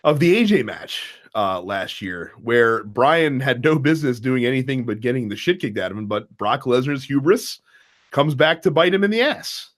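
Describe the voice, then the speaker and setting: A man's voice: medium pitch, normal speed. A man co-hosting a casual wrestling chat, telling stories with a lot of laughter. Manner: animated, laughing storyteller. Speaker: wrestling podcast co-host.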